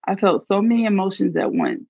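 Gravelly woman reading her own story. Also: medium pitch, wildly swooping pitch, a little fast, no echo, lo-fi sound. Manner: earnest, confessional. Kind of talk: first-person story reading.

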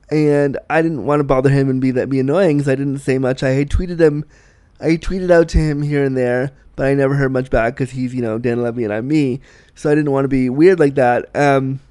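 A man's voice: mid-range voice, darkish tone, no echo. A man hosting his own vlog, talking in a chatty, enthusiastic way with frequent restarts. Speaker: vlog host. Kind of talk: casual personal monologue.

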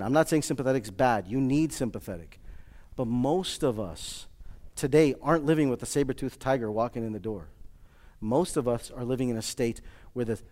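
A man giving a lively motivational talk to a live audience, joking and quizzing the crowd. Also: mid-range voice. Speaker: speaker addressing a live audience. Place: large hall with an audience. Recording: long hall reverb.

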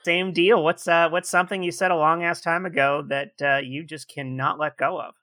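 A man's voice: fairly high pitch, steady tone, normal speed, bright, forceful tone. A man hosting a podcast in casual chat, talking enthusiastically with emphatic exclamations. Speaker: podcast host.

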